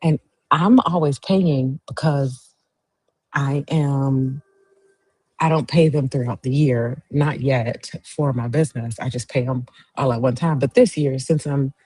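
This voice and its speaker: Slow, husky-voiced woman host chatting. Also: very deep voice, no room sound, rough recording. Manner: chatty storyteller, cheers viewers on warmly. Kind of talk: casual livestream chat, reading viewer comments.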